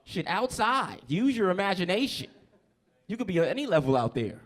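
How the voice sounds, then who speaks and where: A man's voice: sits high, animated, normal speed. A man in his thirties from New Jersey doing a stand-up set in a comedy club, brash and profane, working the crowd.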